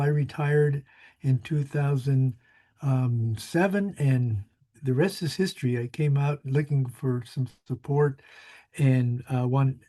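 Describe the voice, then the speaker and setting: A man's voice: medium pitch, dark tone. A man in his sixties, a small business advisor, giving a friendly, rambling webinar presentation with many fillers.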